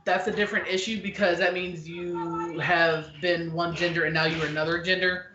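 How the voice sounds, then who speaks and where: A woman hosting a podcast in casual, opinionated chat, blunt and animated, often acting out the people she quotes. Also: on the low side, moderate pace, slight background noise. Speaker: podcast host. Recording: echoey, dull lo-fi room.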